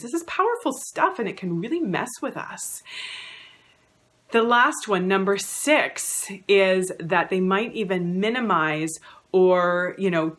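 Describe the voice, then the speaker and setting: A woman counsellor giving an educational talk to camera, conversational with many "you know" fillers, acting out quoted lines. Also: mid-range voice. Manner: acts out quoted lines in a raised voice.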